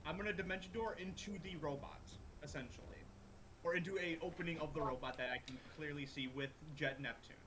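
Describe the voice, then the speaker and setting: A man's voice: on the high side, fast, a bit bright, a little hiss or hum. A man playing a tabletop role-playing game, thinking aloud in a rambling way and swearing casually. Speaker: player.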